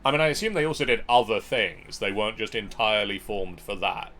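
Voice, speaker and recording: A man runs a quiz night with a lively, bouncing voice. He reads the questions out slowly and repeats them, then drops in dry jokes. His tone stays easy and chatty. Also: on the low side, a little hiss or hum. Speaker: quiz host. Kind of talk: casual quiz show chat.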